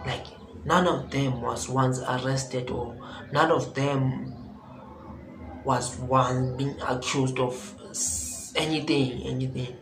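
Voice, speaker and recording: A young man telling a storytime vlog in a rambling way, repeating phrases and correcting himself. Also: mid-range voice. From South Africa. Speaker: vlogger. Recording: echoey room with background noise.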